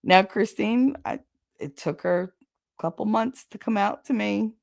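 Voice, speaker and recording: Creaky-voiced woman telling frank stories. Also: mid-range voice, measured pace, dry recording, studio quality. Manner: gossipy and frank, laughing often. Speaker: podcast host. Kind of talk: casual storytelling chat.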